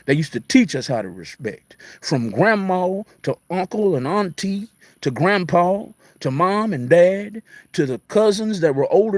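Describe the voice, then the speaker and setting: With a fairly high-pitched voice and no room sound, a middle-aged man hosts a relaxed live talk, responding to viewer comments. His manner is emphatic and preachy, he repeats himself, and his speech blends city and country.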